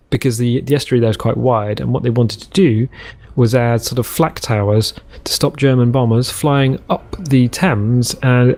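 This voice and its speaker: A man's voice: mid-range voice, warm tone. A man hosting a let's play, chatting and musing aloud in a rambling way while he plays a survival game. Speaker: gaming channel host.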